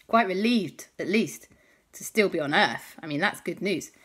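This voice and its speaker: A woman's voice: fairly low pitch, animated, moderate pace, slightly rough. A woman hosting a children's show, improvising a bedtime story with chatty, playful asides to the listeners.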